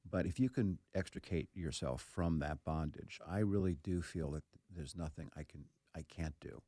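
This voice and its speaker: A very low-voiced man telling a story on talk radio in a close, dry studio. He tells it in an animated way, stumbling over words as he gets excited. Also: normal speed, no room sound. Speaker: guest actor.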